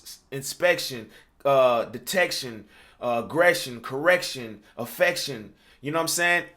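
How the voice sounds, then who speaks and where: A man's voice: on the high side, a bit bright. A man teaching how he writes rap verses, talking loosely with lots of "you know what I'm saying", breaking into rapped examples. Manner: loose and conversational, with frequent fillers and rapped demos. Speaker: rap coach. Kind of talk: casual tutorial talk.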